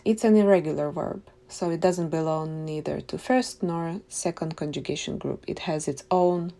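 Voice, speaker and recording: Slow, mellow-voiced woman teaching. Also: lowish voice. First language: Ukrainian. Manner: patient, repeats words slowly for learners. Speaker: language teacher. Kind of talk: slow, clear explanatory lesson.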